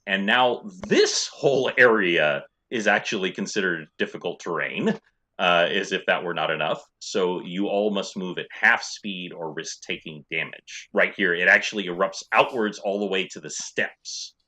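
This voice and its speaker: A man running a tabletop game as game master, narrating scenes in a relaxed way with many fillers. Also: low-pitched, normal speed. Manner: descriptive, relaxed with frequent fillers.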